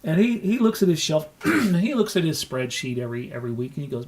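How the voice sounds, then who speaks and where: A man hosting a crypto market show, explaining in a folksy, animated way, telling stories and swearing casually. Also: a little high, fast, hardly any pauses, slight background noise. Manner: folksy, animated storytelling with loose profanity.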